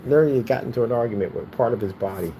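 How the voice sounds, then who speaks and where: A man's voice: medium pitch, rapid-fire, background noise. A man chatting casually while he crafts, rambling and joking playfully. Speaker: cardboard PC case builder.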